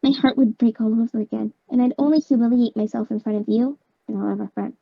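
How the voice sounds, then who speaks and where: A soft-hearted young hedgehog girl, gentle and a bit sad, as a woman voices her. Her voice sits a little high. It sounds dull and very dry, like a cheap home mic. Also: steady tone, fast talker, gravelly, no echo. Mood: earnest. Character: Amy Rose, young female hedgehog, lovelorn and gentle. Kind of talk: amateur voice acting of a fan drama.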